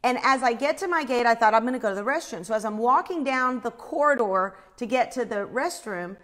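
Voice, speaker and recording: A woman telling a personal faith story in an animated way, acting out the screams she describes. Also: fairly high pitch, a little fast.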